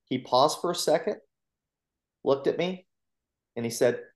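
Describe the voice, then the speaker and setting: A man who coaches and gives talks recounts his own story in an interview, earnest and animated as he acts out the voices of people in it. His voice sits at an ordinary middle pitch. The recording has a roomy echo. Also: unhurried. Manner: earnest, animated retelling with acted quotes. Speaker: motivational coach and speaker. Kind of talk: personal storytelling in a podcast interview.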